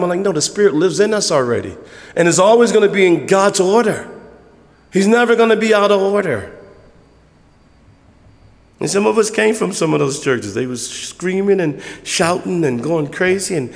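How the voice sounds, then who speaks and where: A pastor preaches in an easy, conversational way, slipping into quick voices of church folk. His voice is a touch high and gravelly with fry. The sound carries the long reverb of a church hall. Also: expressive. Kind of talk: sermon.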